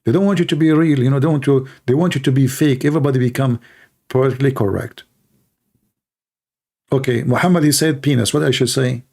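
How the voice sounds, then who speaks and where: A man's voice: medium pitch, quick pace, vocal fry, a little mellow. A middle-aged man hosting a live-streamed religious debate, speaking blunt, mocking English with broken grammar and piling up rhetorical questions. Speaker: debate show host.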